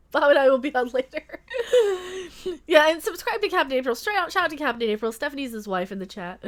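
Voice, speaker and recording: Sarcastic lady streamer reacting live, laughs a lot, kinda high voice, yells sometimes. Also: lively intonation, brisk. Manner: sarcastic, laughs often, bursts into loud exclamations. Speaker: livestream host reacting to a trailer.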